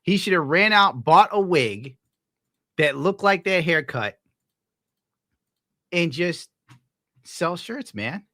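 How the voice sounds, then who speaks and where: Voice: mid-range voice, animated, takes it slowly, long pauses, bright, forceful tone, dry recording, clean studio sound. A streamer giving casual, profane, mocking commentary while reacting to clips.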